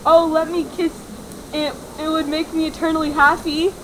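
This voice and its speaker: A woman's voice: high-pitched, flat delivery, normal speed, background noise, natural voice. A woman playing a moody, jealous young male wizard making dramatic declarations. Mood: adoring. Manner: sulky, then flowery declarations.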